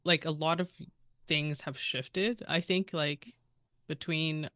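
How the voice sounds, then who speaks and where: Hesitant low-voiced woman player. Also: fairly even intonation, takes it slowly, bright, forceful tone, no room sound, clean studio sound. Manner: hesitant, many fillers and giggles. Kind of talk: casual tabletop game play.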